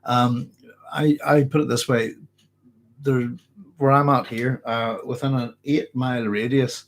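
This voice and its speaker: Unhurried and steady in a mid-range voice, a middle-aged Northern Irishman with a mixed accent casually handles questions from his livestream chat. A cold has made his throat hoarse, and his answers ramble with many restarts and frequent chuckles.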